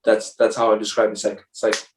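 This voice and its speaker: Low, flat-voiced man rambling from afar. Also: quick pace, slight background noise. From Zimbabwe. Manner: rambling, full of "like" and "bro". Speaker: rugby player, podcast guest. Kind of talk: casual storytelling. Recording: echoey room, voice far from mic.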